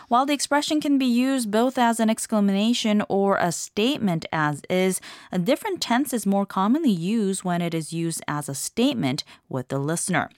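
A woman's voice: mid-range voice, no echo. Woman hosting a language lesson, dry sound. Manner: clear, measured explaining. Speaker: host.

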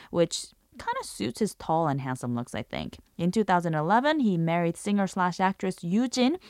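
A woman hosts a scripted language lesson and explains usage step by step. Her pitch swings widely as she acts out sample phrases to show intonation. The recording is dry and close, with no room sound. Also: no echo. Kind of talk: scripted radio-style lesson narration.

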